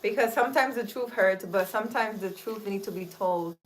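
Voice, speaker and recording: With a moderate pace and a mid-range voice, a woman in her thirties offers casual spiritual advice on her live stream, earnestly and emphatically discussing relationships and faith outdoors in a park. She hosts the stream and acts as a spiritual advisor. A slight hiss or hum runs underneath.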